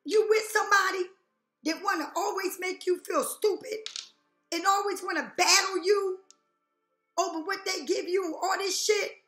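A woman's voice: very high voice, fairly even intonation, moderate pace, sharp tone, faint music behind. A woman giving a tarot reading to her viewers, talking bluntly and profanely and firing rhetorical questions. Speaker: tarot reader. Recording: echoey room.

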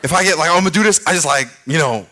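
A middle-aged man preaching a sermon as pastor, telling a story with shouted sound effects and playful, self-mocking humor. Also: fairly high pitch, very fast. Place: large church.

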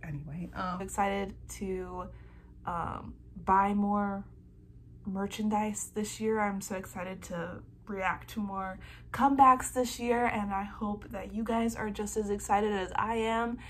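A young woman vlogging an excited unboxing from home, gasping and squealing over fan merchandise. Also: medium pitch, a little slow, a little hiss or hum.

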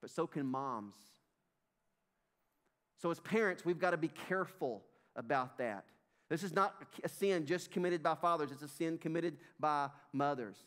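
With a Southern US accent and a voice pitched notably high for a man, a bit bright, a middle-aged pastor gives a sermon in a church sanctuary. He's emphatic, repeats phrases, and calls out to his congregation as folks.

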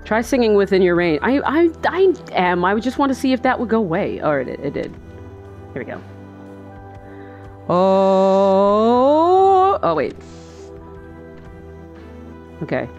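A woman's voice: mid-range voice, sing-song, normal speed, pauses often, dull audio, soft background music. A woman giving let's play commentary, chatty and goofy, talking to herself as she plays. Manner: chatty, goofy, talks to herself while playing. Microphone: desk microphone.

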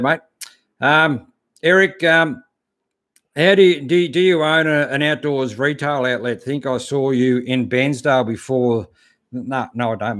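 A man's voice: medium pitch, fairly bright tone. Easygoing Australian man chatting live. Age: 50s. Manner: easygoing, lots of fillers and "mate". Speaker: channel host reading live chat. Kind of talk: casual live-stream chat.

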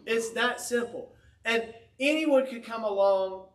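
A pastor delivers his sermon as a lively, conversational story with humor. His voice sits high for a man. The sound is roomy, picked up from some distance in a church. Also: measured pace. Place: church sanctuary.

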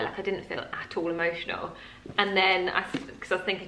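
Chatty mum in roomy room. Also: female voice, mid-range voice, fairly even intonation, moderate pace, a bit bright, a little hiss or hum. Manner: chatty, rambling, gushing, with many fillers. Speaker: mum vlogger. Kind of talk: casual chat to camera. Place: home.

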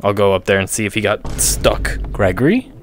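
A young man giving playful, excitable commentary while playing a VR game. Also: fairly low pitch, normal speed, slight background noise. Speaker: gaming YouTuber. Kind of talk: VR gameplay commentary.

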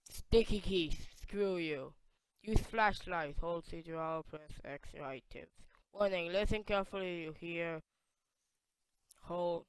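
A let's play gamer giving casual gameplay commentary, excitable, reading on-screen text aloud and breaking into sudden loud yelps. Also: medium pitch, slow, long pauses, smooth, no echo, studio quality.

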